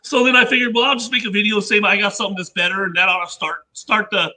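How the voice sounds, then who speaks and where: A man with a squeaky voice, a guest inventor telling rambling anecdotes in casual chat and acting out what others said. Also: steady tone, fast talker, sharp tone, poor audio. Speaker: podcast guest, inventor and engineer.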